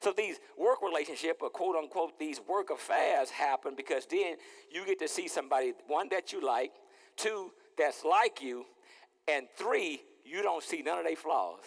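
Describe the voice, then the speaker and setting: A man preaching as pastor in a lively, playful sermon, acting out little scenes and repeating his words. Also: a little high, moderate pace, long reverb tail. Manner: animated, playful, repeats words, acts out dialogue. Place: church sanctuary.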